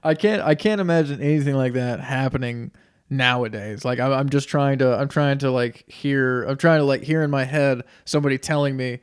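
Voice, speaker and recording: A man's voice: mid-range voice, brisk, smooth, no echo, clean studio sound. A man hosting a podcast interview, easygoing, laughing along and thinking aloud with restarts. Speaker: podcast host. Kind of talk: casual interview chat.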